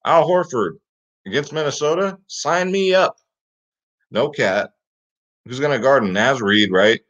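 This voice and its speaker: His medium-pitched, fairly bright voice is animated yet measured in pace. He hosts a fantasy sports show with a casual, hyped rundown of picks, frequently saying "guys" and "get him in there," in slightly dull lo-fi audio.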